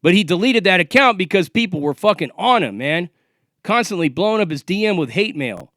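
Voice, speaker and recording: A man in his forties delivers a combative, profanity-laced rant straight to the camera, calling out a rival. His voice sits high for a man, and the sound is dry and close, with no room around it. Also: big pitch swings, brisk, a bit bright, dry recording. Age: 40s. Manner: confrontational, profane, taunting. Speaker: vlogger. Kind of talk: ranting monologue to camera.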